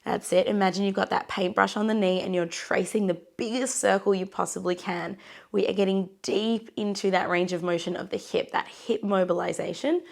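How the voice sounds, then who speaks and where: A hoarse, run-down young woman leading a pilates workout with a raspy voice, encouraging and counting reps as she cues each breath. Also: medium pitch, steady tone, normal speed. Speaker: pilates instructor. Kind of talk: guided workout instruction.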